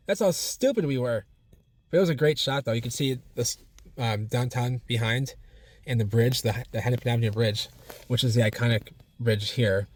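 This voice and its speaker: A chatty man rambles through a casual outdoor vlog beside old brick mills, speaking at an average pitch. He talks in a folksy way, circling back to the same phrases. His voice is caught on a handheld camera out in the winter air. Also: darkish tone, no echo. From Minnesota. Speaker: vlogger exploring old buildings.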